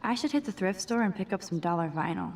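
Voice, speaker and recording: A woman's voice: mid-range voice, lively intonation, fast, lightly acted. A woman voicing a shy young photography student. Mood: musing. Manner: quiet, self-mumbling inner monologue. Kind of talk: video game dialogue.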